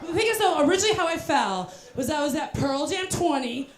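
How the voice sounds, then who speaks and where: Stand-up comedian, young woman, high animated voice, roomy live room with crowd. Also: a little fast. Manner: animated storytelling with voiced asides and self-deprecating punchlines. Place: live comedy venue with audience.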